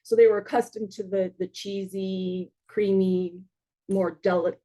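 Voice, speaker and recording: A woman host speaks slowly and deliberately, prompting her guest to tell the story. She affirms and leads the talk in a relaxed, casual way. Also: mid-range voice. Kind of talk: casual interview.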